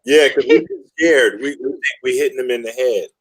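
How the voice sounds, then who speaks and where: A man's voice: mid-range voice, a little fast, no room sound. A man, hosting a casual talk show and chiming in with playful remarks. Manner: playful interjections, laughing.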